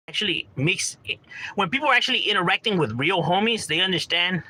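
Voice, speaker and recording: A man's voice: a little high, sharp tone, low-quality recording. A man talking casually in a monologue, full of street slang and "you know, bro," acting out quotes from friends. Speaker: commentator talking about gang culture.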